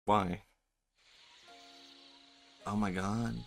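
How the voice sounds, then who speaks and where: A man with a fairly low voice talks casually while he plays a video game, laughing often and swearing along the way. He rambles from one thought to the next into a desk mic, with soft game music underneath. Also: fairly even intonation, drawn-out words. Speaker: streamer. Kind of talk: casual gameplay commentary.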